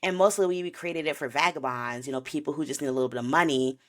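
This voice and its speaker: A woman's voice: sits low, quick pace, natural voice. A woman retelling the words of a weary guild master in her own casual way. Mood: apologetic.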